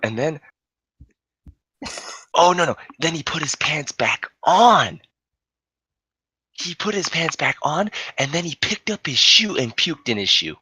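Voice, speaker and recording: A young adult man telling a story in casual chat, animated and laughing, swearing freely. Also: on the high side, a little slow, pauses often, slightly rough, no room sound.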